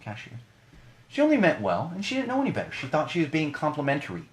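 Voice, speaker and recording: A man's voice: on the high side, huge pitch swings, fast talker. A man in his thirties, a podcast co-host, ranting animatedly in a casual podcast monologue with many restarts.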